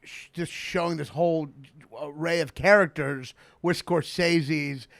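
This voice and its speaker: A man hosting a podcast, talking fast and animated with a slight lisp, teasing his guest and laughing often. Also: a little high, creaky, dry recording. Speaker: podcast host. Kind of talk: casual chat.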